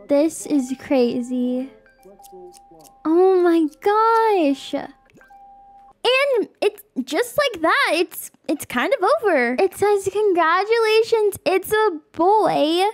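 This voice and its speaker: A woman hosting a casual let's play, gushing and exclaiming as she comments and reads game text aloud. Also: very high voice. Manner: excitable, gushing, exclaims often.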